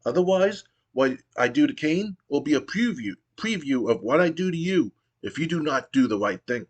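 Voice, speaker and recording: A man's voice: a little high, lively intonation, moderate pace. A man voicing an indignant, self-righteous male wrestler accusing a rival of theft.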